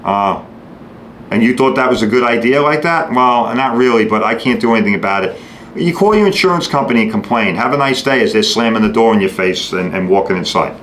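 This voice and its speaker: A man hosting a podcast, giving a blunt, sarcastic monologue and acting out customers and shop staff in quick quoted bits. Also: lowish voice, a bit bright. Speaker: podcast host. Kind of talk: opinionated monologue. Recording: echoey room with faint noise.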